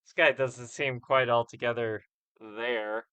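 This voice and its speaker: Bright, crisp-voiced man chatting over gameplay. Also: medium pitch, fairly even intonation, unhurried, no echo. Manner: chatty, rambling, self-correcting. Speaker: let's play host. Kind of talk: casual game commentary.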